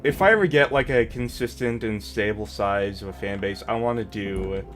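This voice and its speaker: A man's voice: lowish voice, normal speed, fairly bright tone, soft background music. A man chatting casually as a guest on a stream, playful and teasing. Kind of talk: casual chat.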